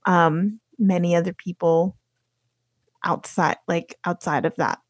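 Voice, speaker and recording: A woman's voice: on the low side, steady tone, unhurried, dry recording, lo-fi sound. Young woman telling stories, dry sound. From United States. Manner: storytelling with many fillers and restarts. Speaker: podcast guest. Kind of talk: casual conversation.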